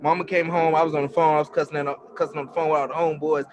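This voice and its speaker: A middle-aged man with a somewhat high voice, co-hosting a podcast in loose, casual chat. He tells family stories with animated energy, acting out quotes and laughing often. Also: rapid-fire, noisy background. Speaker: podcast co-host.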